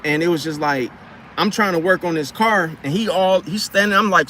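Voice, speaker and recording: A man's voice: high-pitched, normal speed, bright, forceful tone, slight background noise. A man telling a casual story from his car repair job in a rambling, slangy way, often repeating and restarting his words.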